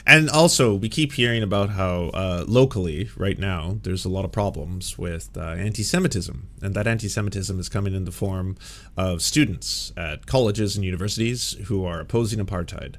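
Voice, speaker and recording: A man's voice: low voice, normal speed, a bit bright. A man hosting a political live stream, reading news stories aloud and commenting on them sarcastically, with frequent restarts and swearing. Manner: sarcastic, profane.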